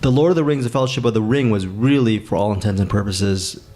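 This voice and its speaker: A man with a fairly low voice hosts a casual podcast. He rambles through film facts and dates, backing up and correcting himself as he goes. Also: fast, mellow. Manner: rambling, trivia-heavy, self-correcting. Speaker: podcast host.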